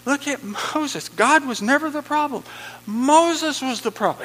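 A man's voice: extremely high pitch, a little slow, a bit bright, in a large hall, rough recording. A man preaching a sermon, emphatic and repeating his key phrases.

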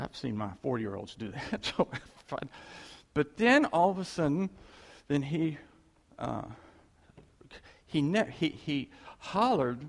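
A man with a gravelly voice tells church stories to a congregation. He rambles and halts, chuckling between restarts, and his voice rings with the long reverb of a large hall. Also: on the high side. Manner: rambling, halting storytelling with chuckles. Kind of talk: informal testimony to a congregation.

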